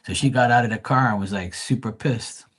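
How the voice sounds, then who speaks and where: A man with a mid-range, fairly bright voice talks a little fast while hosting a live stream. In casual ranting chat, he tells rambling stories and vents bluntly with lots of profanity.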